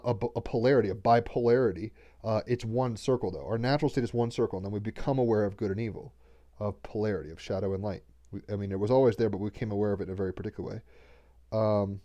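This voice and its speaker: A man's voice: fairly low pitch, warm tone. A man giving a casual spiritual card reading on a livestream, talking loosely and rambling with slang and restarts. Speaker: tarot card reader and podcast host.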